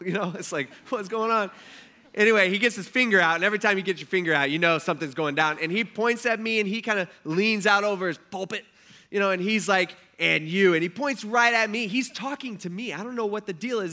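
Bright-voiced storytelling preacher. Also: male voice, high-pitched, fairly quick. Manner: storytelling, conversational and animated. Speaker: pastor. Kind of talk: sermon.

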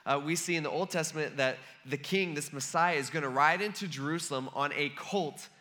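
Bright-voiced man preaching casually. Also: fairly high pitch, a little fast. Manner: conversational, acts out quoted voices. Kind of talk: casual sermon.

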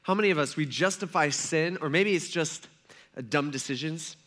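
A man's voice: fairly high pitch, normal speed, a bit bright. A man preaching a sermon as a pastor, telling the story casually and acting out the voices of the people in it. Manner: casual, conversational with fillers.

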